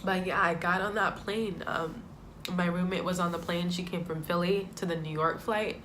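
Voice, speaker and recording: A woman's voice: fairly low pitch, fairly even intonation, moderate pace, a bit bright, slight background noise. A woman in her twenties telling a heartfelt personal story in a vlog, reflective and emotional. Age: 20s. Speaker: vlogger.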